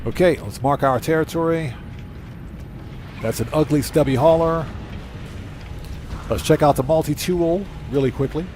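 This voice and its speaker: A man streaming a video game live, chatting casually, reading viewers' messages aloud and thanking them, with his voice going hoarse. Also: fairly high pitch, moderate pace, long pauses, darkish tone, a little hiss or hum. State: losing his voice. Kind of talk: casual live gameplay chat.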